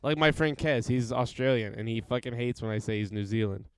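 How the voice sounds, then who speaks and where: Smooth-voiced young man chatting casually. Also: medium pitch, a little fast, no room sound, low-quality recording. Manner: laid-back, swears casually, laughs often. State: just woke up. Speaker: podcast host. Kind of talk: casual chat.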